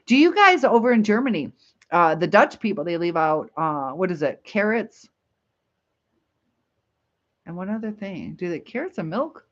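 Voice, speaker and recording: Lady doing a casual livestream, rambly, laughs a lot, kinda dull lo-fi sound. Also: fairly low pitch. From Michigan, USA. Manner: rambling, reads viewer comments aloud, laughs often. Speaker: livestream host. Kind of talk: casual live chat.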